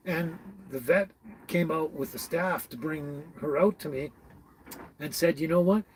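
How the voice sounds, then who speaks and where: Gadatliwy mężczyzna w średnim wieku, lekko szumiące nagranie. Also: male voice, on the high side, unhurried, a little hiss or hum, low-quality recording. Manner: chatty, rambling, laughs often, answers viewers by name. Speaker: livestream host. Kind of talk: casual live-stream chat.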